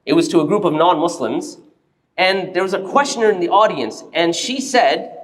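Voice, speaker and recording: High-voiced man preaching a sermon. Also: normal speed. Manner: animated storyteller, acts out quoted voices. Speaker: preacher giving a Friday sermon. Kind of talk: storytelling sermon. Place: mosque.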